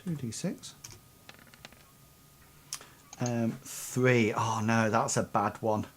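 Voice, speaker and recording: A game master narrating a tabletop game, halting with lots of fillers and laughter. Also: medium pitch, slight background noise.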